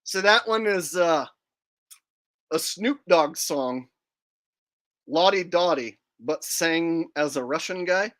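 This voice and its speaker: A man's voice: on the high side, lively intonation, takes it slowly, pauses often, a bit bright. A male comedian chatting casually to online viewers, rambling and laughing at his own jokes.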